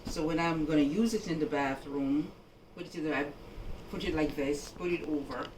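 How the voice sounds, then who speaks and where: A woman from Jamaica gives an unhurried, instructive housekeeping demonstration and keeps checking in with her viewer. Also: low voice, darkish tone. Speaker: housekeeping vlogger. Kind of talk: home laundry-folding demonstration. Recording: echoey room, voice from a distance, background noise.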